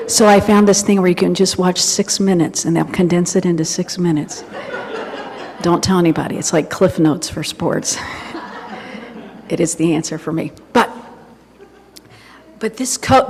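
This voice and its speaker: A woman minister giving an informal, chatty sermon full of asides to herself. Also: mid-range voice. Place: church sanctuary. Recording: long reverb of a church hall.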